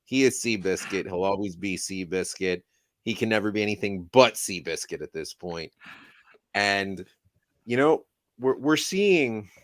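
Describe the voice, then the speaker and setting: A man's voice: low-pitched, no room sound, clean studio sound. A man hosting a casual wrestling review show, talking in a rambling way that often restarts mid-sentence. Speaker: host.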